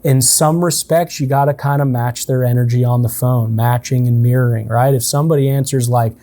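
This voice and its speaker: A man leading a relaxed, conversational coaching session for a team, often checking in with his listeners. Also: medium pitch, brisk. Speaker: sales trainer. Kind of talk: casual in-person coaching session.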